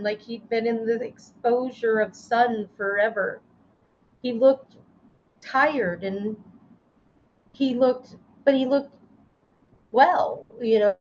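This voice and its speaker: Woman guest, life coach type, emotional personal storytelling, slightly muffled lo-fi recording. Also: a little high. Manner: intense, emotional retelling with halting restarts. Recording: slightly dull, lo-fi sound with faint noise.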